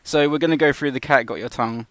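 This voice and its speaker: Talking fast in a slightly bright, mid-range voice, a man tutors through an animation shot live and casually. He restarts sentences as he explains, and the recording has no room sound.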